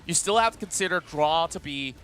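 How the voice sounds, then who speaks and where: Bright-voiced male esports caster. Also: a little high, brisk, faint music behind. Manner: animated, chatty play-by-play with frequent fillers. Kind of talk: live esports commentary.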